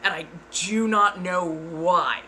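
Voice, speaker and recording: Slow and lowish, her voice comes across pushed and bright, with slight noise in the background. She's an ASMR streamer in casual chat mode, giggly and frank, occasionally trying out playful voices.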